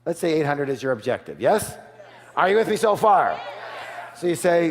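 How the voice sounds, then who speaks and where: A man giving an energetic sales seminar, asking the audience for call-and-response and switching to a soft, quiet voice to act out offers. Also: a little high, normal speed. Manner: drops to a soft, quiet voice for role-played offers. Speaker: seminar speaker. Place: large hall with a live audience. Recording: long hall reverb.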